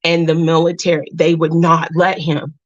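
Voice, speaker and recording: A woman hosting a casual chat with viewers, speaking earnestly with halting restarts. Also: low voice, flat delivery. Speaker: channel host. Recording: dull lo-fi sound.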